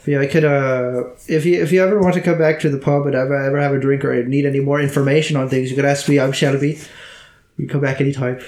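A man's voice: mid-range voice, little pitch movement, quick pace, darkish tone, roomy sound, close to an everyday voice. A man voicing a friendly, boisterous pub man, talking in a hearty, hospitable way. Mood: chatty.

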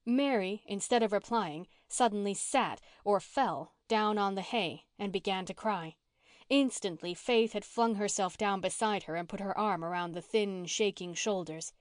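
A woman reads a classic novel aloud as an audiobook, telling the story in an even, measured way from a scripted text. Her voice is medium-pitched, and the recording is dry and studio quality.

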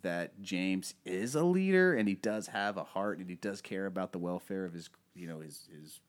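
Guy on a podcast talking movies, kinda low voice, rambly, keeps saying um and you know. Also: lively intonation, normal speed. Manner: rambling, many fillers, acts out movie quotes. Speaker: podcast host. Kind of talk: casual film discussion.

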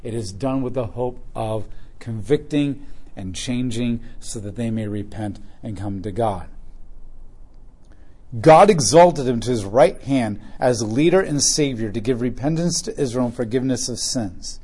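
A man's voice: medium pitch, unhurried, mellow, slightly rough. A man reading a Bible passage aloud and stopping to explain it in casual, joking asides. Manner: reads scripture aloud, then comments casually with humor. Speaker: Bible teacher.

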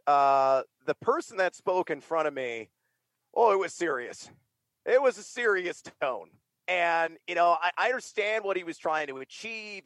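This middle-aged American fantasy sports broadcaster and writer speaks energetically in a casual interview, stressing words and using lots of fillers. His voice is a little high and fairly bright, recorded dry.

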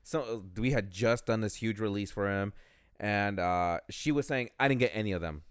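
A man's voice: fairly low pitch, normal speed, smooth, no echo, clean studio sound. Casual young man swearing freely. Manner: casual, swears often, reacts with short remarks. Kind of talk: casual chat.

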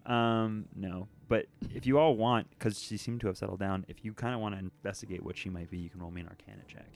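Low-voiced man running a tabletop game. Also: steady tone, fast talker, gravelly, darkish tone. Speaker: game master.

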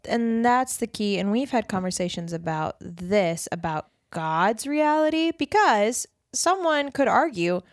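A woman co-hosts a casual faith discussion in an earnest, animated voice. Her pitch sits at an ordinary middle height, and she slips into quoted voices as she talks. The sound is dry and close. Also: a little slow, few pauses, no room sound. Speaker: podcast co-host.

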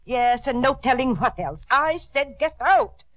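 An actress playing a stern older aunt who runs a nursery school, imperious and scolding, in old-time radio drama style. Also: female voice, fairly high pitch, sing-song, moderate pace, no room sound. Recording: dull lo-fi old radio recording.

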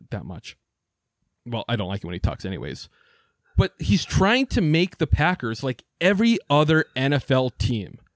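A man on a casual sports podcast, worked up and swearing freely as he rants. His pitch swings widely from line to line. The sound is dry and close, with no room echo. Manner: heated, profane ranting. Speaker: podcast co-host.

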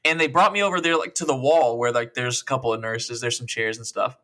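Speaking quickly at a medium pitch, a twenty-something man co-hosts a podcast. His long story is casual and profane, an animated, rambling retelling full of quoted dialogue.

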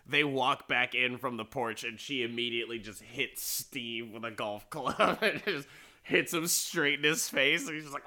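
A man casually recapping a film plot, storytelling in an animated way with frequent fillers. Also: mid-range voice, unhurried.

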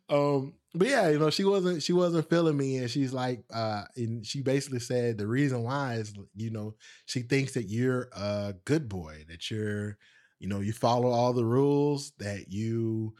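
A man hosting his own podcast, telling a personal story in a casual, animated way, with frequent laughs and asides to his listeners. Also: medium pitch, unhurried. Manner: speaks straight to listeners. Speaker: podcast host.

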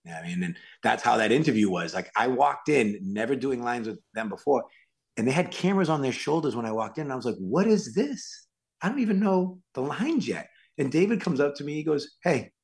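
Gravelly, animated man telling stories. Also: mid-range voice, quick pace. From Worcester, Massachusetts. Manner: animated, rambling, acts out quotes loudly. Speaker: actor guest. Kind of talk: casual anecdote telling.

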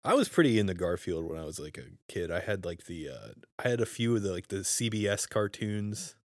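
A man's voice: sits low, very animated, brisk, no echo, studio quality. A man co-hosting a casual podcast, rambling through his thoughts with frequent laughs and trailing off. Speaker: podcast co-host. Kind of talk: casual chat.

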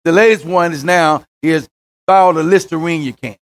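A man preaching a sermon as pastor, rising into shouts and then dropping to near hushes. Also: fairly high pitch, moderate pace. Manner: preaching with rising shouts and sudden quiet drops.

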